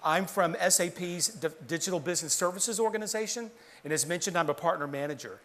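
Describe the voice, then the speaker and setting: A man from the southern US with a light Southern twang and a slightly high voice. He presents to a conference audience on stage in a relaxed, conversational way, restarting sentences as he explains. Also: fast. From southern United States. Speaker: partner manager presenting at a conference.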